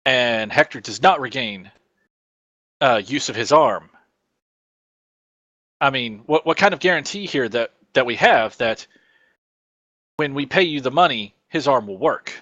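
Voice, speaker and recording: A man playing a tabletop role-playing game who laughs often and trips over his words as he haggles. His pitch swings widely and his voice sounds dry and close. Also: animated, unhurried, pauses often, sharp tone, dry recording, muffled recording. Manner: laughing, stammering bargainer. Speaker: player. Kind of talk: casual tabletop role-play chat.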